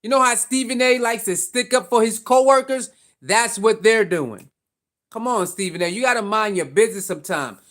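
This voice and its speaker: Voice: medium pitch, normal speed, a bit bright. Opinionated sports vlogger asking rhetorical questions. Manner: repetitive, rhetorical questions, casual slang.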